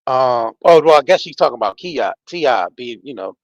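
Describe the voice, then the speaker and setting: A man's voice: mid-range voice, normal speed, few pauses, no room sound. A man hosting a live stream, giving casual commentary in loose, slangy, emphatic talk and swearing freely. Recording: dull, dry lo-fi audio.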